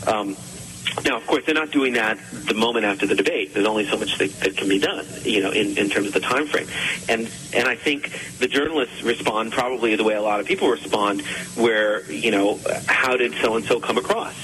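A man with a lowish voice talks as a podcast guest in a relaxed interview. He halts often and repeats words while he works through his ideas, and a faint hiss sits under the recording. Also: low-quality recording. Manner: halting, repeats words, thoughtful. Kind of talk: casual interview talk.

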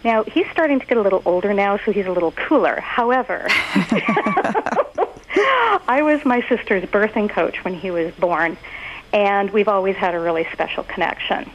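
A woman who is a guest on a podcast, talking casually and telling stories in an expressive, animated way. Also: mid-range voice, normal speed, highs cut off, a little hiss or hum. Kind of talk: casual conversational interview.

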